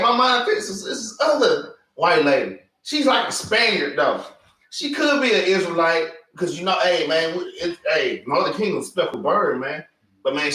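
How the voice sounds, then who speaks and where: Man, higher-pitched, forceful; casual animated preaching class; far mic, roomy echo. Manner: animated, street-casual, keeps saying "man". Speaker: class teacher. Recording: echoey room, mic far off.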